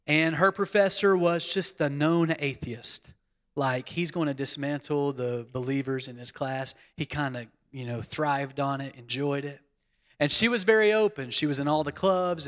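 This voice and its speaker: A man's voice: mid-range voice, a bit bright. A man, a pastor, preaching a sermon and telling a story with dramatic emphasis, acting out the voices of the people in it.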